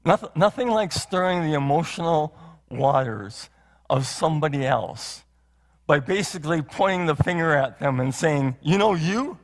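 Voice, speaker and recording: A man's voice: fairly high pitch, animated, moderate pace. A male pastor preaching a sermon in a church, earnest, with many rhetorical questions and repeated phrases. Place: church sanctuary. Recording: long hall reverb.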